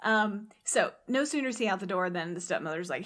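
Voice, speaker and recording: A woman casually retelling a fairy tale on a podcast, animated, swearing and slipping into the characters' voices. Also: mid-range voice. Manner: animated, swears, acts out characters in quick asides. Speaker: podcast co-host and storyteller.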